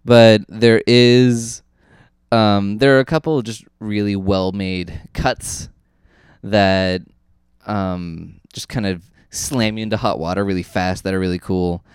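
A man co-hosting a podcast, chatting casually about a horror film in a rambling, self-correcting, animated way. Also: lowish voice, takes it slowly, smooth, no echo, studio quality. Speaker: podcast co-host. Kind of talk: casual film review chat.

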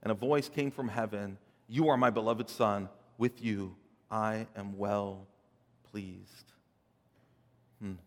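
A man preaching a sermon, swelling loud and dropping soft, often repeating words as he builds a point. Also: lowish voice, steady tone, slow, pauses often, in a large hall. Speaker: pastor.

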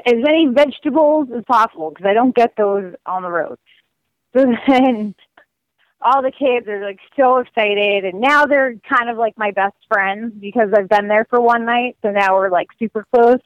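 A woman guest telling stories in a casual, lively way, full of "like" and acted quotes. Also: a little high, moderate pace, dry recording, muffled recording. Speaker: guest describing her cross-country walk. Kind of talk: casual storytelling.

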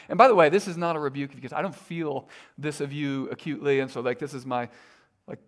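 A middle-aged male pastor delivers a sermon in a relaxed, conversational way. He fills his talk with casual fillers and self-deprecating asides, and his voice sits slightly higher than most men's. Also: normal speed.

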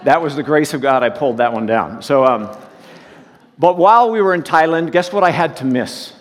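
A man's voice: a little high, normal speed, in a large hall. A man preaching a sermon as pastor, folksy and joking as he tells stories.

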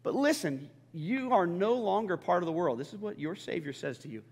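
A man preaching a sermon as a pastor, impassioned and stammering over restarts, swinging between loud and hushed. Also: high voice, expressive, brisk, creaky. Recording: long hall reverb.

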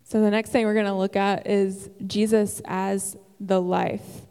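Woman, church speaker, earnest sermon, mellow smooth voice, long hall reverb. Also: mid-range voice, little pitch movement, unhurried. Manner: earnest, encouraging, with occasional "um" fillers. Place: church sanctuary.

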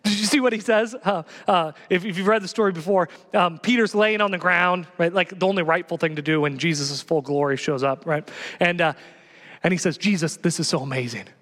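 A male pastor preaching passionately, swinging from hushed lines to loud exhortation. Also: high voice, fairly even intonation, a little fast. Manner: passionate, builds to shouting exhortations. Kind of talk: sermon. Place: church. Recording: long reverb of a church hall.

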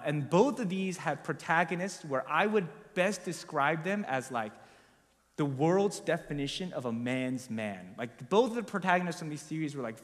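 A man's voice: on the high side, in a large hall. A young man preaching, telling a personal story in a casual, confessional way with lots of filler words.

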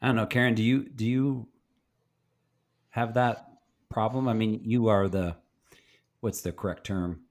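A man co-hosting a podcast in casual chat, relaxed and rambling, teasing his co-hosts. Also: fairly low pitch, unhurried, long pauses. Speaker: podcast co-host.

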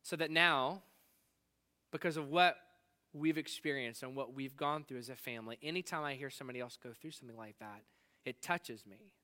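A pastor in his forties preaching a sermon, slowing down and leaning hard on key words. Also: mid-range voice, sharp tone, clean tone. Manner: emphatic, slows down to stress key words.

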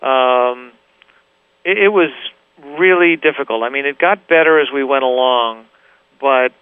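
A man's voice: mid-range voice, a little slow, clean tone, no echo. Man on a tinny phone line. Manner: rambling, frequent "you know" and restarts. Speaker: guitarist guest. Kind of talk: casual interview chat.

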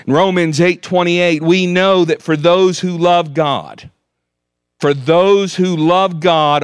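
A man preaching a sermon, reading scripture aloud with measured emphasis. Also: fairly high pitch, clear, resonant tone, no echo, studio quality.

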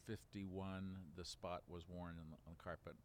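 A man's voice: low voice, little pitch movement, moderate pace, a little hiss or hum. A man in his seventies from Baltimore, talking through memories at length in an interview, rambling with many fillers and restarts. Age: 70s. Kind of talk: relaxed reminiscing interview.

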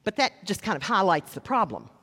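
A man preaching a sermon as a pastor, conversational with wry asides, slowing down to stress key lines. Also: high voice, very animated, bright, forceful tone, breathy edge. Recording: long reverb of a large hall.

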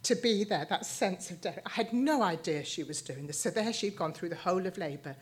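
A woman, sharing a personal story in a sermon, halting and emotional, with many restarts. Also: on the low side, expressive. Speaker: speaker at church.

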